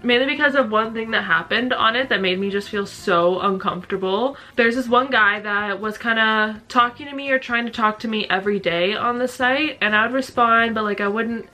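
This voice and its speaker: A woman's voice: fairly high pitch, moderate pace, hardly any pauses, bright, forceful tone, poor audio. A woman with a slight Canadian accent narrating her vlog casually, saying "like" often. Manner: casual, filler-heavy, with lots of "like".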